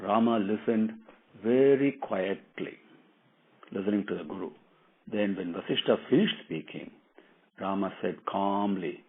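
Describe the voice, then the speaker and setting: A man telling a devotional story earnestly, often pausing with fillers and asides. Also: fairly low pitch, husky. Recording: tinny phone-like sound.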